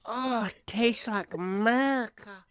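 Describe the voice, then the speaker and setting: A woman's voice: fairly high pitch, slow. A woman putting on a swooning, dreamy voice of a woman craving hot dogs, drawing out her sighs.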